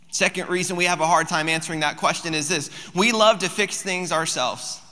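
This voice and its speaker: A man in his thirties, a pastor preaching a sermon, telling a family story and then rising into loud, emphatic preaching in a large church hall. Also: a little high.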